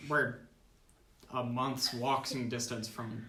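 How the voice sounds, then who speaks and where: A man's voice: mid-range voice, level tone, slow, very noisy. A teenage boy playing a tabletop role-playing game, telling his character's story in an earnest, dramatic way. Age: teens. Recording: echoey room.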